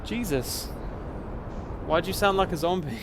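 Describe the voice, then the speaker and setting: A man's voice: a little high, moderate pace, noisy background. A man streaming live, commenting on his gameplay and talking to his chat. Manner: chatty, talks to chat.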